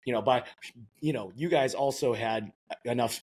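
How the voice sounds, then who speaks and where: A man's voice: medium pitch, moderate pace, darkish tone, husky. A man hosting a casual podcast, joking and teasing his guest in rambling sentences. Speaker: podcast host.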